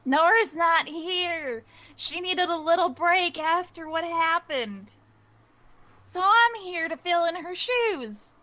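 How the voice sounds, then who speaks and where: A woman's voice: extremely high pitch, animated, slow pace, sharp tone, no room sound, pitched above the performer's own voice, exaggerated voice. A woman voicing a cheerful, childlike young woman in a tabletop game, chirpy, giggly and eager to please. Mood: bright.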